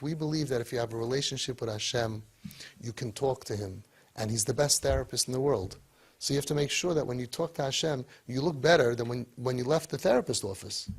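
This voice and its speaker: A man giving an animated motivational talk to parents, full of rhetorical questions. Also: mid-range voice, vocal fry, slightly rough. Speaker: speaker to parents.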